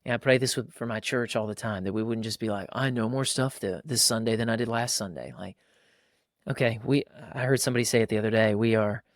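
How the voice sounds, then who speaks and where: A man's voice: on the low side, steady tone, fast, no echo. Earnest man, dry close sound. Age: adult father of young boys. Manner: earnest, acts out quoted dialogue in a raised voice. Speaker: podcast host and pastor. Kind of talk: casual podcast conversation.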